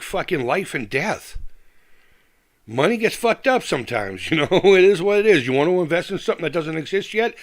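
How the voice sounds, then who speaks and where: A middle-aged man hosting a live stream, talking casually and ranting hard at commenters. His voice is bright and edgy with a gravelly crackle, and it swings widely up and down. He swears constantly and breaks into laughs. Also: on the high side. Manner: profane, ranting, laughs often. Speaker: livestream host.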